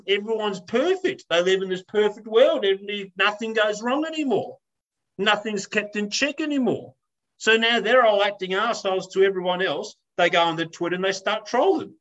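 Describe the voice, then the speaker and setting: A man with a high-pitched voice rants through a story in casual podcast chat. He swears freely and slips into voices for the people he describes. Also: highs cut off. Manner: animated ranting, swears, acts out voices.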